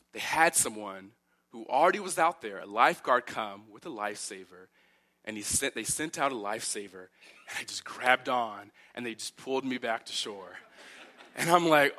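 Guy in his 30s preaching, bright punchy voice, gets loud then real quiet, storytelling sermon vibe. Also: medium pitch. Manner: animated storyteller, loud emphatic peaks then dropping quiet. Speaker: pastor.

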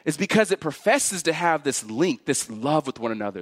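Earnest preaching man, lively pitch. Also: normal speed, hardly any pauses. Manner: earnest preaching with repeated building phrases; drops low and quiet on key warnings. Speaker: pastor. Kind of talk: expository sermon.

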